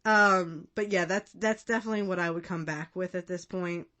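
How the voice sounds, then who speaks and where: A woman's voice: fairly low pitch, steady tone, normal speed, bright, forceful tone. A woman in her thirties hosting a casual podcast, chatting with lots of fillers and frequent laughs. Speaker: podcast host. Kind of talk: casual commentary.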